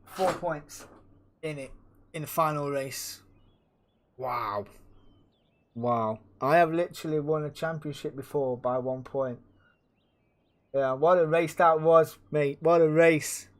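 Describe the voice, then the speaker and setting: A man hosting and commenting on a race league, chatty and excitable, using slang and talking to his viewers. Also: on the high side, slow pace, pauses often. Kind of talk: casual live-stream race commentary.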